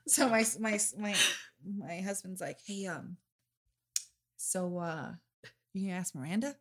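A woman's voice: mid-range voice, unhurried. A woman hosting a podcast in casual chat, chatty and gushing, with many fillers. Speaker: podcast host.

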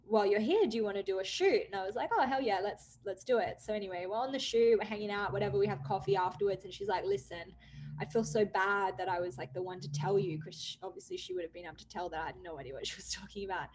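A woman's voice: fast, a little hiss or hum. Chatty young woman telling her story. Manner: chatty, frequent "like" fillers; acts out quoted dialogue with lively pitch jumps. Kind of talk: candid personal storytelling.

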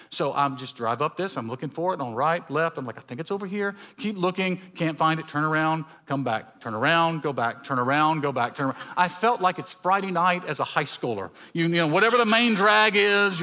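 A middle-aged man from Mississippi, preaching a sermon built around personal stories, acting out the voices of people he met. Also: on the high side. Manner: storytelling, animated, acts out dialogue with voice changes. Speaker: pastor.

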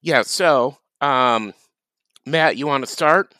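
A man talking very slowly in a bright, crisp voice, co-hosting a podcast with a deadpan, dry wit. His words come across close and dry. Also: mid-range voice, dry recording. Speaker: podcast co-host. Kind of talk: casual podcast chat.

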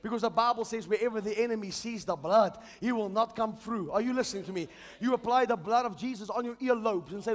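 A man's voice: high voice, fast talker, big-room sound. A male preacher giving a fervent sermon, urging the congregation to repeat lines after him.

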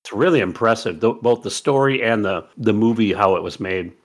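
A man from Minnesota guesting on a podcast, giving relaxed short remarks about films. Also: on the low side, a little fast. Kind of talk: casual film-discussion chat.

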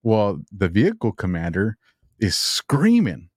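A man's voice: fairly low pitch, wildly swooping pitch, measured pace, no room sound, studio quality. A man, a military veteran, telling a story in casual chat and laughing as he goes. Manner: laughing while telling a story, acts out quoted voices. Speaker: veteran guest.

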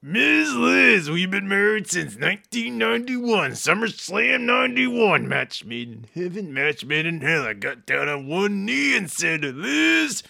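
A man doing a wrestling star impression, growly and shouting, calling everyone brother. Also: high voice, big pitch swings, unhurried, vocal fry, hardly any pauses, voice pushed up, heavily acted. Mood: boastful. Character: gravelly hyped-up male wrestling star impression.

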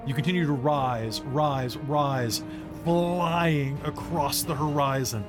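A man running a tabletop game as game master, narrating with a relaxed, descriptive manner and some fillers. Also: a little high, slow, music in the background.

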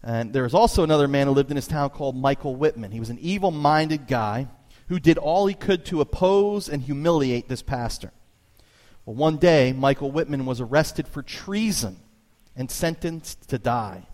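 A man preaching a sermon as pastor, telling stories with lively emphasis and sudden high jumps in his voice. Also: normal speed. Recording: long reverb of a church hall.

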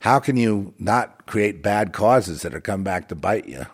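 A man's voice: fairly low pitch, animated, a little slow, slightly rough. A man delivering a rambling, moralizing monologue with a sardonic, digressive way of talking.

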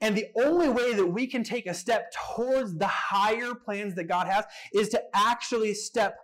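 A young man preaching a sermon, animated and emphatic, with dramatic pauses and bursts of humor. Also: high voice. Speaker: pastor.

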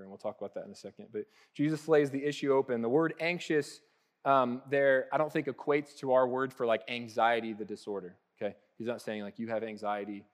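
A man in his thirties preaching in an easygoing, conversational way at a medium pitch. He jumps into quick acted-out voices and then drops to a soft, gentle hush. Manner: casual and animated, acting out little voices, with laughs and soft hushed asides. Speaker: pastor. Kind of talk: conversational sermon.

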